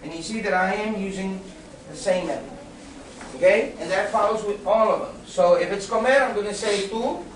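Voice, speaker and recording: A man's voice: high voice, moderate pace, a little hiss or hum. A man teaching a Spanish grammar lesson to a class, patient, often checking understanding with "okay?" and questions. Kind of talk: classroom lecture. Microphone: recorded from across the room. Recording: echoey classroom from a distance.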